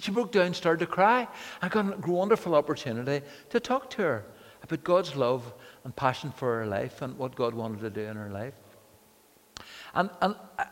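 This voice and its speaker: A male preacher delivers a sermon with a slightly raised pitch, his words trailing into the long reverb of a hall. He tells stories in an animated way, stumbling and repeating words as he builds his points. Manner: animated storytelling with frequent restarts and repeated words. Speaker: pastor.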